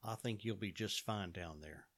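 A man's voice: lowish voice, moderate pace, crowd noise. A man in casual chat, teasing his co-hosts with playful banter.

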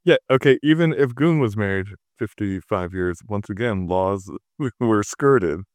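A man's voice: on the low side, animated, unhurried, a little mellow, no echo. A man in a casual chat, dropping wry one-liners. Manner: wry interjections.

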